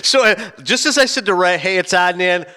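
A man co-hosting a casual podcast chat, telling stories in an animated way. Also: sits high, slight background noise. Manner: rapid, animated storytelling. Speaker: podcast co-host.

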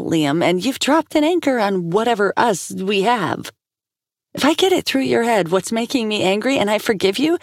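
A woman's voice: mid-range voice, darkish tone, no echo, clean studio sound, voice pushed up. A woman voicing a frustrated young woman who speaks bluntly and heatedly. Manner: heated, rising voice.

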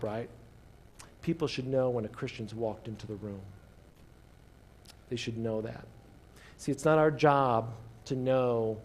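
An American man preaching a sermon in a church service, moving between raised emphatic lines and soft near-whispers and having the congregation repeat after him. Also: on the high side. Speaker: pastor.

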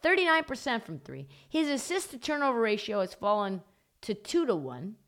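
A woman's voice: on the high side, big pitch swings, normal speed, fairly bright tone. A woman hosting a sports talk podcast, delivering an emphatic, gleefully mocking monologue in short punchy bursts. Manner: punchy repeated short phrases. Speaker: podcast host.

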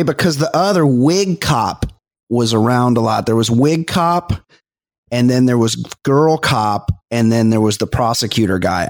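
A man appearing as a podcast guest in casual chat, relaxed and slangy, tossing in quick asides. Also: medium pitch.

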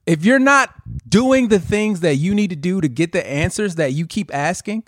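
A man's voice: high-pitched, expressive, moderate pace, dry recording, clean studio sound. A man co-hosting a podcast, ranting emphatically in casual chat and swearing freely. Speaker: podcast co-host.

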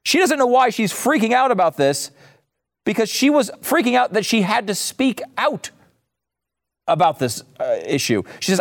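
Male host, high-pitched and lively. Sarcastic, incredulous rant, reads quotes aloud before mocking them. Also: normal speed. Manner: sarcastic, incredulous, rising to exasperated outbursts. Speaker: commentary host. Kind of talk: ranting commentary, reading quotes aloud.

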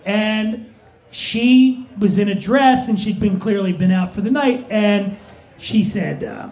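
High-pitched guy telling a bar story, laughing a lot, echoey room. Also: takes it slowly, creaky. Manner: animated, laughing anecdote telling. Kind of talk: casual storytelling. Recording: roomy echo.

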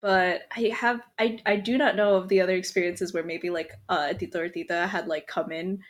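A woman's voice: fairly low pitch, steady tone, fairly quick. A woman on a podcast chatting casually, laughing often and restarting her sentences. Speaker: podcast co-host. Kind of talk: casual chat.

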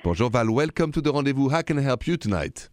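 A man's voice: mid-range voice, sing-song, a little mellow, no echo, clean studio sound. A middle-aged man from Paris with a French accent, hosting a call-in radio advice show in a chatty way, often laughing. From France. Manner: chatty, laughs easily, gives a phone number slowly. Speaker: radio relationship advice host.

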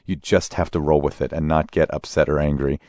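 A man as an interview guest, telling relaxed anecdotes about his travels and laughing as he goes. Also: extremely low pitch, a little fast, no echo, clean studio sound. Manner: relaxed anecdotal storyteller, laughs mid-sentence. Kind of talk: conversational storytelling.

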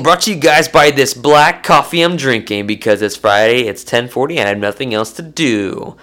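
A young man hosting a solo sports podcast, talking casually in jokey rants that swing between excited highs and low mumbles. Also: moderate pace, few pauses.

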